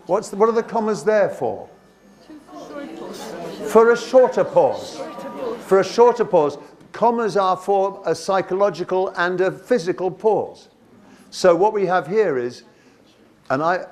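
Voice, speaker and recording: A man's voice: high voice, animated, unhurried, a little mellow. A man leading a teacher workshop, reading poem lines aloud and asking the room questions, with many restarts. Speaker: teacher trainer.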